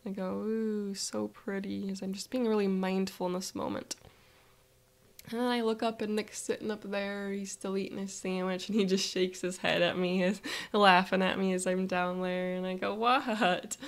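Woman, guided visualization narrator, relaxed chatty present-tense storytelling, even pitch. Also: moderate pace.

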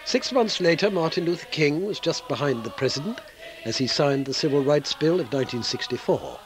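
A man reading scripted documentary narration in a measured, expressive way. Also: a little high, slight background noise, poor audio.

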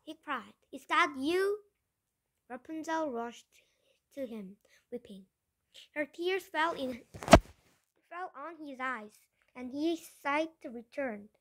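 Woman reading a fairy tale aloud, high-pitched, dry close sound, careful with occasional restarts. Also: no room sound, low-quality recording. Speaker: storyteller. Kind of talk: storybook read-aloud.

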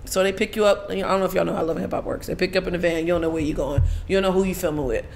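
A woman guest on a casual talk show, telling lively stories, swearing freely, laughing often and acting out other people's lines. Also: lowish voice, racing, vocal fry, a little hiss or hum. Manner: laughs often while talking. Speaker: podcast guest. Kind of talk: casual storytelling interview.

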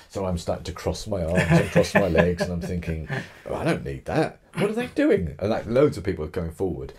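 A middle-aged man with an English Kent accent tells his story as a podcast guest, acting out what others said. His voice sits very low and sounds husky. He restarts phrases as he talks. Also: fairly quick, hardly any pauses. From England. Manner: animated storyteller, acts out quotes, frequent restarts. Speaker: interview guest, author. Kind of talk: conversational storytelling.

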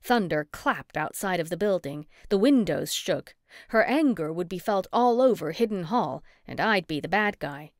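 A woman reading a first-person cozy mystery audiobook with steady, clear storytelling. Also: lowish voice, dry recording, studio quality. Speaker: audiobook narrator.

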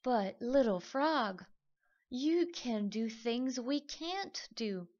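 A woman voicing a kind giraffe in a children's story, reassuring and warm in her words. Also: a little high, animated, drawn-out words, lo-fi sound.

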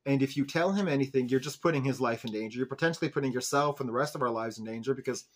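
A man's voice: medium pitch, rapid-fire. A man hosting a fan show, casually recapping a TV episode in a chatty way, full of "like" and "um". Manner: chatty, peppered with "like" and "um", animated retelling. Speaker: show host reviewing an episode.

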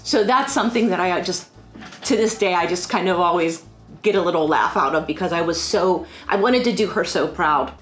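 Middle-aged woman, lowish voice, rambling anecdotal chat over faint music. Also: brisk. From Pennsylvania. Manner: chatty, rambling, animated storytelling. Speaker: financial firm staff. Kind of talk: casual personal storytelling.

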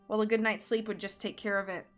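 Nancy Drew, as a woman reads her, a calm young detective. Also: medium pitch, quick pace, faint music behind, close to an everyday voice.

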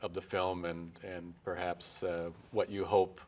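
A man interviewing guests about a film, asking measured, gently prompting questions. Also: sits low, level tone.

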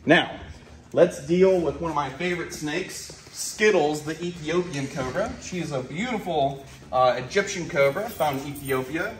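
A young man with a slightly high voice narrates his wildlife vlog casually at a moderate pace. As a wildlife keeper, he works with the animals and coos to them in baby talk.

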